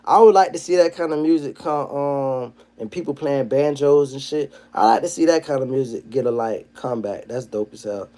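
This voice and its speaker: A man hosting a casual livestream, reading chat comments aloud. His talk is slangy and profane, and it swings from low mumbled asides to loud, heated rants. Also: normal speed, hardly any pauses. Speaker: livestream host.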